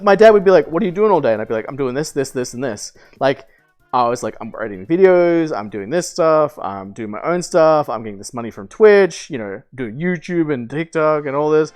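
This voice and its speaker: A young man with a fairly high, light voice chats casually on a live stream, rambling through a story with lots of "like" and restarts and casual swearing. Soft music plays faintly underneath.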